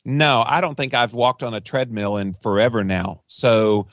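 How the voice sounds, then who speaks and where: A man's voice: medium pitch, steady tone, normal speed, fairly bright tone, dry recording. A man being interviewed as a podcast guest and author, talking casually and rambling, with restarts. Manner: chatty, rambling with frequent restarts and laughs.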